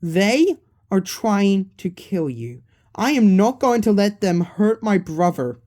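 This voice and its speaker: A woman's voice: mid-range voice, big pitch swings, takes it slowly, dark tone, voice pushed up. A woman voicing a loyal animatronic boy who is the ghost of a little brother, speaking eagerly and insistently in a raised voice. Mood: earnest.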